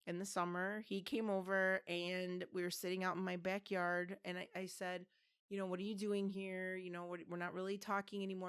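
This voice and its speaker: A woman's voice: mid-range voice, clear, resonant tone. A woman in her fifties co-hosting a podcast, telling a long personal story in a rambling way, full of restarts and fillers. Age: 50s. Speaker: podcast co-host. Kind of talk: casual chat, storytelling.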